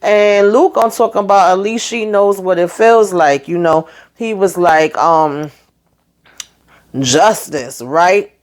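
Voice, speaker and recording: Here a TV recapper speaks slowly in a mid-range voice. She casually rehashes an episode, bringing scenes to life in a chatty, animated style while calling listeners "honey" and "child."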